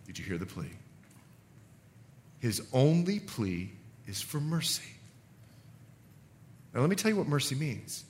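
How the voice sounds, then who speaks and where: Animated high-voiced male pastor preaching. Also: slightly rough. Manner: animated, playful, acts out quotes. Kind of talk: sermon. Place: church service.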